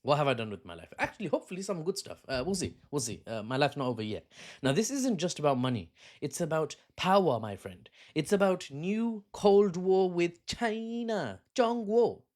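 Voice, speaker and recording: A man's voice: fairly high pitch, sing-song, normal speed, a little mellow. A man giving a casual, rambling news commentary, cracking jokes and laughing at his own asides.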